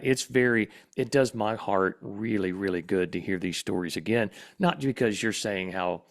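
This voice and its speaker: Middle-aged male host, lowish voice, reflective and easygoing in conversation. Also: normal speed, few pauses. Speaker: podcast host. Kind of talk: casual interview chat.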